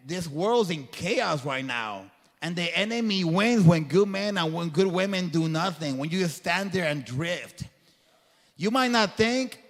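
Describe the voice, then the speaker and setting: A man with a high, slightly bright voice gives an earnest, preacher-like motivational faith talk as a guest speaker before a live crowd. His phrasing is colloquial, and the event hall recording has a long reverb.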